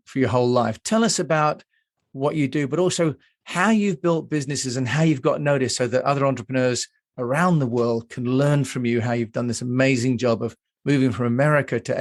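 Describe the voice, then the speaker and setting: A man's voice: medium pitch, no echo, studio quality. A man hosting a podcast, introducing his guest with effusive praise in a casual interview. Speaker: podcast host.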